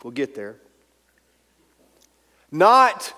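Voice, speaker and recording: A pastor preaching a sermon, emphatic and at times dropping to a soft, intimate tone. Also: male voice, on the high side, lively intonation, a little slow. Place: church sanctuary. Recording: long hall reverb.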